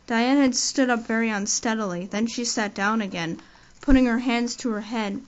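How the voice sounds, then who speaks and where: A woman reading a classic novel aloud as audiobook narration, in steady, measured storytelling. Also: on the high side. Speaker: audiobook reader. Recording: dull lo-fi audio.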